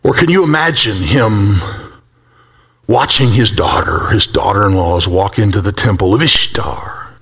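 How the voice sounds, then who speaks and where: A man preaching a sermon, swinging between high, urgent exclaims and hushed, low passages, and acting out the voices of prophets. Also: unhurried, husky. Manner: acts out quoted prophets with a rising voice. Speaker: pastor.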